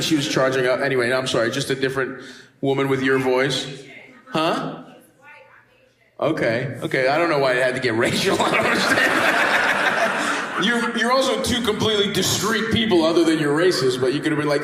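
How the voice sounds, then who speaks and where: A man's voice: on the high side, normal speed, pauses often. A male stand-up comedian doing crowd work on stage, teasing and bantering with the audience in a brash, profane way. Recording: echoey room with loud crowd noise.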